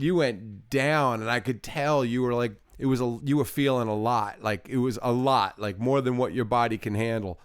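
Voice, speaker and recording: A man hosting a casual conversation, reminiscing with his guest in quick bursts. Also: medium pitch, clean tone, no room sound, studio quality. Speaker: host.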